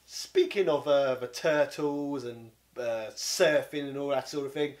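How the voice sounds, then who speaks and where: Speaking at a measured pace in a medium-pitched voice, a game reviewer from London, England, in his 30s delivers a comedic ranting monologue. He sounds exasperated and indignant, dropping "bloody" throughout.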